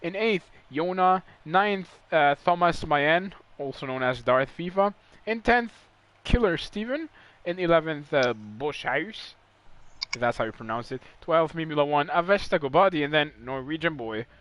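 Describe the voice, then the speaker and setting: A man commentating a racing league live, excitable and chatty. His voice sits fairly high and swings widely as he rambles and trips over his words. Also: normal speed, clear, resonant tone.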